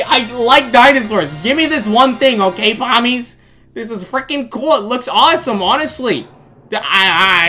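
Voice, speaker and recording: A male gaming channel host giving excitable, jokey let's-play commentary, often breaking into shrieks and laughter. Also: high voice, normal speed, faint music behind.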